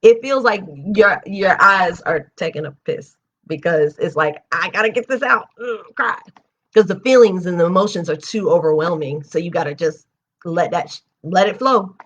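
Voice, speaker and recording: A young woman hosting a live reading stream, reading a book aloud and breaking off into candid, animated personal asides. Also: lowish voice, moderate pace, dull audio. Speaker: host reading books aloud on a livestream. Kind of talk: reading aloud and casual chat.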